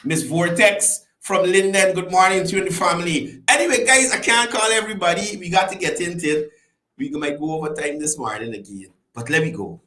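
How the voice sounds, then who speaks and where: Here the host sounds high-pitched and fairly quick, his voice echoing around the room. Chatty and animated, with his intonation swinging up and down, he welcomes viewers by name on his relaxed call-in commentary show.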